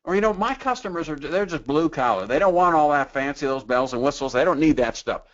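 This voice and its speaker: A man's voice: fairly high pitch, lively intonation, fairly quick, muffled recording. A man giving a sales training webinar in a conversational way, tossing out rhetorical questions and acting out customers in quoted voices.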